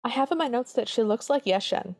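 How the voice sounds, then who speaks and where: A woman's voice: on the high side, expressive, brisk, creaky, a little mellow, no room sound, clean studio sound. A woman co-hosting a podcast, chatting earnestly as she reviews an old cartoon. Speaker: podcast co-host. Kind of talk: casual chat reviewing a cartoon.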